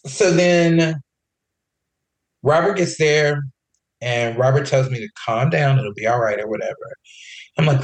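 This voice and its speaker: Podcast co-host, man, casual and animated, mid-pitched storyteller. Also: normal speed, pauses often, roomy sound, rough recording. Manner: animated, quotes others in his retelling.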